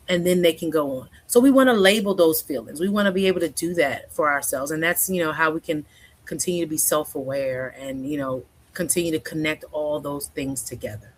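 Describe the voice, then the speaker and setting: Chatty woman counselor, low-pitched. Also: fairly quick. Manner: chatty, keeps asking "right?", acts out quoted speech. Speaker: guest counselor. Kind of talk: casual conversational interview.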